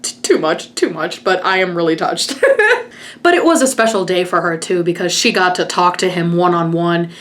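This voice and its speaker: A woman's voice: fairly low pitch, moderate pace, a bit bright. A woman vlogger telling a personal story in a chatty way, full of "like" and retold conversations. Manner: chatty, full of "like" and quoted retellings. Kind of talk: casual storytelling to camera.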